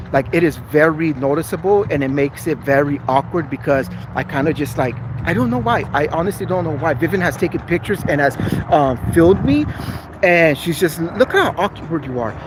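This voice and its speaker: A man's voice: a little high, brisk, background noise. Earnest man chatting on a livestream. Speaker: vlogger. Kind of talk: casual livestream chat with viewers.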